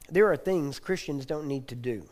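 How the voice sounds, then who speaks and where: A middle-aged man with a Texan accent, teaching a session in a conversational, joking manner and often checking in with the listeners. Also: on the high side. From Texas. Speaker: ministry teacher.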